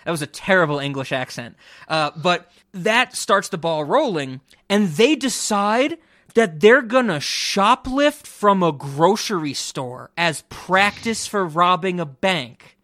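A young man hosting a casual podcast, giving a blunt, profane, animated review of a film. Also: sits high, takes it slowly, dry recording, studio quality. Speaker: podcast host. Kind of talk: casual chat.

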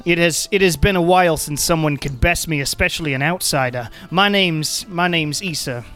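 A man's voice: a little high, moderate pace, over music, close to an everyday voice. Man voicing a proud clan heiress. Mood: confident. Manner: boastful and welcoming. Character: proud confident woman, eldest daughter of a clan.

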